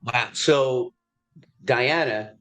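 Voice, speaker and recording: A man's voice: medium pitch, extremely slow. A middle-aged man, an actor, telling a story in a casual interview and acting out the other people's lines. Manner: animated storyteller, acts out quoted voices.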